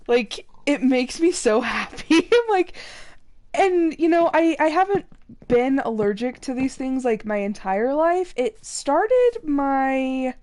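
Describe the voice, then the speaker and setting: Young woman streamer, high voice, chatty, laughs a lot. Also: sing-song, takes it slowly, a little mellow. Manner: chatty, laughs often, quotes others in raised voice. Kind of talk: casual chat while gaming.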